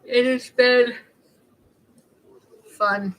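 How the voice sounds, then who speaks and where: Young woman streamer, chatty and snarky, bright tone, slightly high voice. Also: steady tone, drawn-out words, low-quality recording. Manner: chatty, rambling, snarky storyteller. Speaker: livestreamer. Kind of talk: casual livestream chat.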